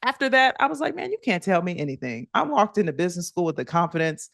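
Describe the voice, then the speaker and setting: A woman in her thirties, a former athlete, telling lively stories as a podcast guest and acting out quoted kids in higher voices. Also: fast, gravelly, dry recording, clean studio sound. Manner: animated, acts out quoted kids in higher voices, laughs often. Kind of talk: conversational storytelling interview.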